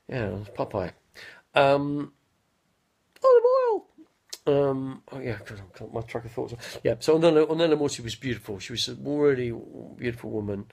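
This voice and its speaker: This is a husky, gravelly voice of medium pitch and a slightly mellow quality, belonging to a man in his fifties. He drifts through casual stories on a live stream, slow and halting, with a mild post-head-injury stutter, frequently losing track of his thoughts.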